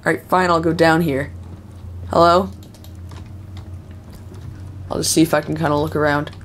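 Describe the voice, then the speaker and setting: A woman's voice: low-pitched, level tone, normal speed, a little hiss or hum. A young woman doing nervous, self-talking commentary while playing a horror game. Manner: nervous, talks to herself and the game. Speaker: gamer.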